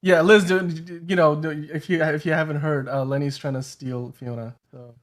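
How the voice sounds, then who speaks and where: A man's voice: on the high side, little pitch movement, normal speed. Distracted, chuckling male stream host. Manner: distracted, laughing while reading chat. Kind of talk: casual chat.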